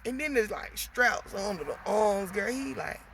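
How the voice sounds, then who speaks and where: A woman vlogger venting a storytime, animated and swearing, talking straight to her viewers. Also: medium pitch, a little slow, a little hiss or hum. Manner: animated, swearing, addresses viewers as girl and y'all.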